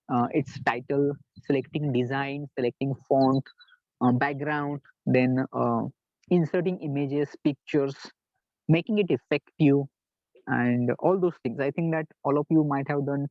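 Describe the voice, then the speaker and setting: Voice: medium pitch, dry recording. A college teacher, giving an online lecture, posing questions and then answering them. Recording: dull lo-fi dry recording.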